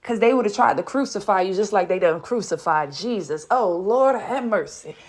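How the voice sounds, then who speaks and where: A woman's voice: mid-range voice, expressive, normal speed. A woman giving a fervent spiritual reading, out of breath, swearing casually and exclaiming often. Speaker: spiritual reader.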